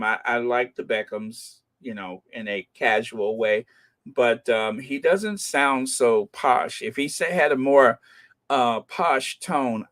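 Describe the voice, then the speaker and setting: Casting: middle-aged American male host, slow unhurried delivery, chatty and rambling, fond of joking asides. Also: mid-range voice, fairly bright tone. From United States. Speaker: host of a royal news channel. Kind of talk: casual commentary.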